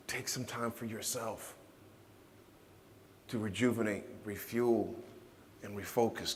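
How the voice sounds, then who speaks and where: A man from Nebraska giving a motivational keynote speech, telling stories dramatically and swinging from hushed lines to shouting. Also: on the low side, a little hiss or hum. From Nebraska, USA. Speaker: motivational speaker. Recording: reverberant hall sound.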